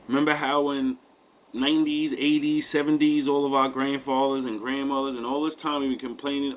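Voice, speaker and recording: A man's voice: medium pitch, fairly even intonation, normal speed, fairly bright tone. A man co-hosting a talk show, giving a profane rant in the style of a sermon. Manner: mock-sermon delivery, profane. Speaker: co-host. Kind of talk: preachy comedic rant.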